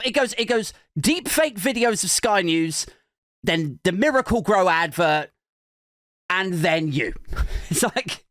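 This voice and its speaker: A man's voice: expressive, slow, fairly bright tone, dry recording. Sarcastic guy ranting on his podcast, voice jumps all over, dry close mic. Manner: sarcastic, rambling, swings between high mock outrage and low mutters. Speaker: podcast host. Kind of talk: satirical comedy monologue.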